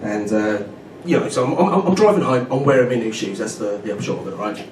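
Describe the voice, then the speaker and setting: A man's voice: mid-range voice, expressive, a little fast. A man in his thirties doing a stand-up comedy set at a pub comedy night, chatty and always checking in with the crowd. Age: 30s. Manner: chatty, keeps checking in with "right?". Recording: echoey room from far off, loud noise.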